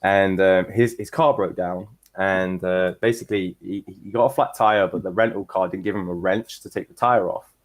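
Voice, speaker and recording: A man's voice: sits low, fairly even intonation, normal speed, few pauses. A man with a Nottingham English accent, chatting casually on a podcast and telling rambling stories with many restarts. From England. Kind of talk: casual chat.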